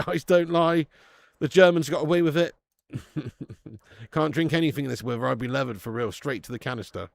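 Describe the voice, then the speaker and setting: A man's voice: on the high side, vocal fry, dry recording. A man hosting a live football watch-along, swearing freely and laughing as he reads out viewer messages.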